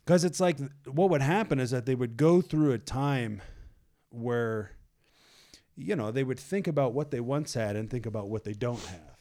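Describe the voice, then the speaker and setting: A man at a middle pitch with a warm, mellow tone, chatting casually as he retells a Bible story. He talks loosely with lots of "like" and "you know," and acts out a panicking crowd now and then. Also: moderate pace. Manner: loose and animated, many fillers like "like" and "you know".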